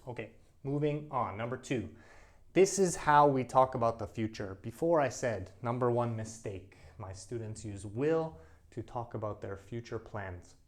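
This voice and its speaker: Man teaching English grammar, lively. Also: medium pitch, normal speed. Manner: animated, acts out example sentences. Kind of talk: grammar lesson to camera.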